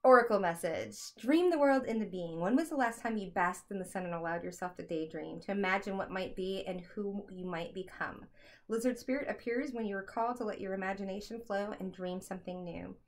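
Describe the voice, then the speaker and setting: A young woman giving a casual tarot reading to camera at home, chatty and excitable, laughing often. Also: medium pitch, a little fast. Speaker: tarot reader.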